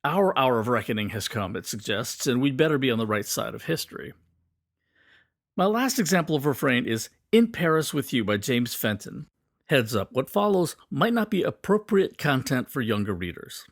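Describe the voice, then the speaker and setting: A man teaching a poetry lesson, explaining clearly and reading quoted lines slowly and dramatically. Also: mid-range voice, big pitch swings, dry recording, clean studio sound.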